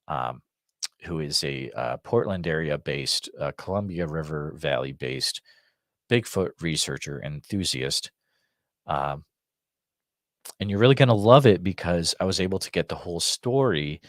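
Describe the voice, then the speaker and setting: A man with a very low voice and a slight Massachusetts accent hosts a live call-in show. He talks in a loose, rambling way, full of fillers and restarts. The recording is close and dry, with no room sound. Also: no echo. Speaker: host of a live call-in podcast. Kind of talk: casual live-stream chat.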